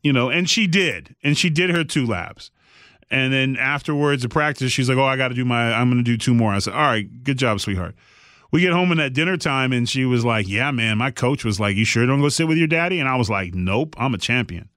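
A man's voice: mid-range voice, fairly quick, fairly bright tone, dry recording, clean studio sound. A middle-aged man and podcast host telling a story in casual chat, blunt and emphatic.

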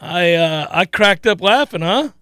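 A man hosting a sports radio show in a studio, telling stories in animated, exclaiming bursts. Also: sits high, measured pace, smooth, no room sound. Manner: animated storytelling, rising to loud exclaiming. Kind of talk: casual sports radio chat. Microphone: studio mic.

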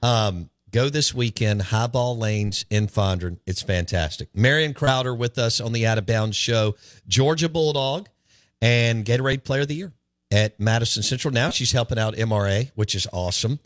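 A man's voice: mid-range voice, dry recording, studio quality. A middle-aged man with a Southern US accent hosting a casual radio talk show, affable and agreeable. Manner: affable, agreeable, quick endorsements.

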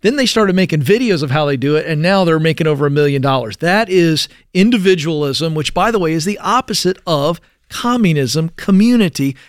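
A man co-hosts a radio talk show in an agreeable, easygoing way. His voice is a little higher than average. The studio sound is close and dry. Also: lively intonation, brisk, hardly any pauses, no echo. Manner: agreeable, short affirmations. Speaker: radio co-host. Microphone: studio microphone.

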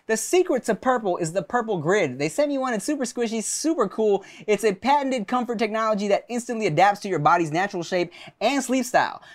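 Lively, animated young man. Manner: animated storyteller, lively swings in pitch. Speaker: podcast host. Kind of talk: casual chat.

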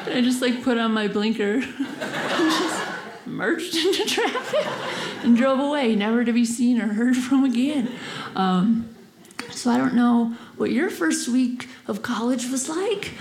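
Giggly high-voiced woman doing stand-up. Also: expressive, measured pace, slight background noise. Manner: giggly, lots of "like", squeaky acted-out voices. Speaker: stand-up comedian. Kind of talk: stand-up storytelling. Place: comedy club stage before a laughing audience. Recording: roomy live club sound with audience.

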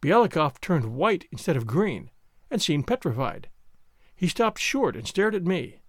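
A man narrating a story aloud in an expressive storytelling manner. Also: on the high side, a little slow, no echo, studio quality. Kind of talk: audiobook narration.

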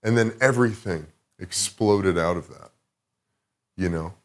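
A man with a somewhat low voice chats as a podcast guest. He tells his story loosely, with plenty of swearing and a reflective turn, in a casual, unscripted way. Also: a little slow. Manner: profane, rambling, reflective.

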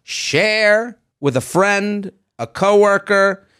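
A man's voice: sits high, drawn-out words, smooth. A man co-hosting a casual comedy podcast, reading listener emails and joking. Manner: animated, reads listener emails aloud with jokes. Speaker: podcast co-host.

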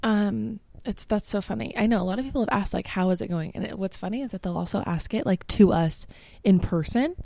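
Young woman on a podcast, kinda groggy, lots of likes and ums, gravelly dark voice. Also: medium pitch, a little fast, no room sound, studio quality. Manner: groggy, rambling with many fillers. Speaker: podcast co-host. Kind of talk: casual chat.

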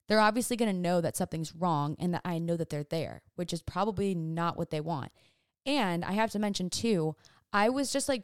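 A young woman vlogger casually retelling a frightening night, animated and breathless, with lots of fillers. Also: fairly low pitch, no room sound, studio quality. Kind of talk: casual storytime.

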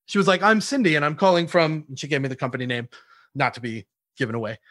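A man, a sales trainer, answering podcast interview questions in an animated storytelling way, acting out phone calls and laughing often. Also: on the high side, fast talker, dry recording, studio quality.

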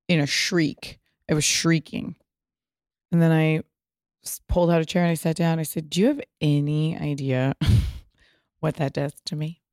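A woman's voice: deep voice, no room sound, clean studio sound. A woman in her thirties from California, hosting a podcast and telling a story in casual chat, swearing freely and acting out what people said. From Pasadena, California. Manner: animated storyteller, swears freely, acts out quotes. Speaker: podcast host.

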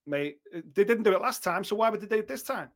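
High-voiced, swearing man talking boxing. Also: lively intonation, brisk. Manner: blunt, swears freely, acts out others' words. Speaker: boxing pundit. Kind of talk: opinionated podcast chat.

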